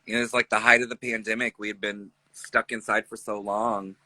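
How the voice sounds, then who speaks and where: A man's voice: on the low side, flat delivery, a little fast, pushed and bright, dry recording, low-quality recording. A man in his thirties, a drag performer chatting casually on a livestream, joking and laughing often. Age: 30s.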